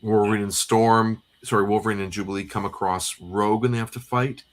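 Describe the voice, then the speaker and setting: A man's voice: lowish voice, flat delivery, a little fast. A man co-hosting a casual comic read-through livestream, recapping the plot in a rambling way with many fillers. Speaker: co-host.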